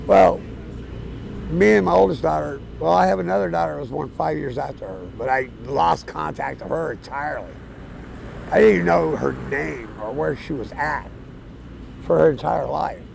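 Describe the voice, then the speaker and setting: A man of around 60 telling his life story outdoors on a city street, plain-spoken and casual, with fillers and soft chuckles. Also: a little high, normal speed, creaky, a little hiss or hum, poor audio. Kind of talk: candid storytelling.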